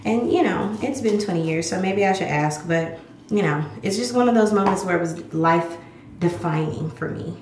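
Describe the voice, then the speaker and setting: A woman's voice: fairly low pitch, normal speed. A woman in her thirties telling a personal story to camera in a candid, emphatic way. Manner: candid, emphatic, acts out quoted voices. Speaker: vlog host. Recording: echoey room with clear background noise.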